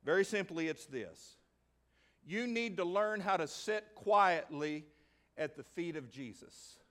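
Male pastor, high voice, emphatic sermon delivery, questions the congregation. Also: lively intonation, slow pace, a bit bright.

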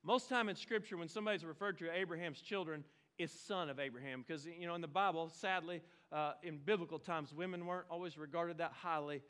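A man from Oklahoma, preaching a lively, storytelling sermon with sudden bursts of shouting. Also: fairly high pitch, a little fast, few pauses, smooth. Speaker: pastor.

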